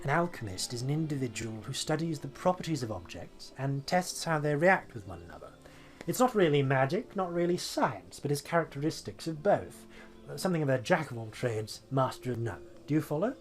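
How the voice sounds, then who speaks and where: A man's voice: on the high side, big pitch swings, fairly quick, soft background music. A man voicing an indignant, fussy male alchemist merchant, complaining in a pompous, aggrieved way. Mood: lecturing.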